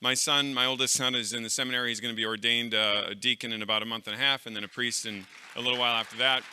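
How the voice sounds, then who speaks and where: Man, middle-aged, bright forceful voice, chatty storytelling talk, long hall reverb. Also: mid-range voice, steady tone, racing, clean tone. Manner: anecdotal, conversational with fillers and restarts. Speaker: conference speaker. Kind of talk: live talk to clergy.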